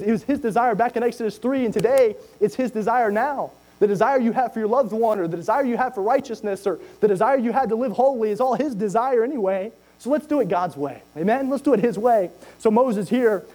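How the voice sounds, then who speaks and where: A man's voice: high voice, mellow, low-quality recording. A man, preaching a sermon fervently, repeating lines and quoting old scripture wording. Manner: fervent, repetitive preaching with scripture quoted in King James wording.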